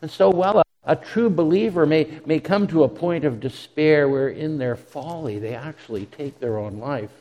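A man's voice: a little high, normal speed, few pauses, a little mellow. A man preaching a sermon in an earnest way, often repeating words as he restarts. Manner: earnest, repeats words when restarting, dramatic quoted asides. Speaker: pastor. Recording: long hall reverb.

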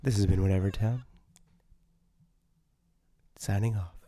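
Low-voiced man hosting a podcast. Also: fairly even intonation, unhurried, dark tone, slight background noise. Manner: playful, reads show credits. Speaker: podcast host. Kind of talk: casual podcast chat.

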